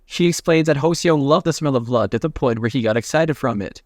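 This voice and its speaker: A man narrating a comic recap in a casual, jokey play-by-play with quick asides. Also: medium pitch, a little mellow, no room sound, studio quality.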